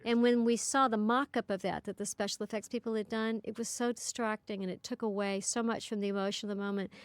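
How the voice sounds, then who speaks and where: A woman's voice: mid-range voice, steady tone, fast talker, smooth, no room sound. A woman director giving a film commentary, telling anecdotes and laughing often.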